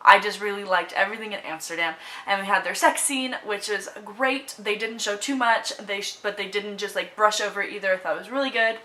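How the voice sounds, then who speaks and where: A woman's voice: mid-range voice, steady tone, brisk, pushed and bright, rough recording. A young woman vlogging about a movie, emotional and close to tears, gushing with lots of fillers and restarts. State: tearful, on the verge of crying. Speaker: book vlogger. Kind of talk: casual movie review vlog.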